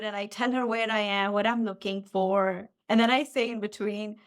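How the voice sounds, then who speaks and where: A woman in her forties tells a personal story with lively energy, her voice sitting a little high. She drops into the voices of her past self as she goes, in a loose, chatty guest style. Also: normal speed, few pauses. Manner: animated, acts out her own past lines. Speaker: podcast guest, physical therapist. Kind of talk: casual storytelling in interview. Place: lived in the Midwest.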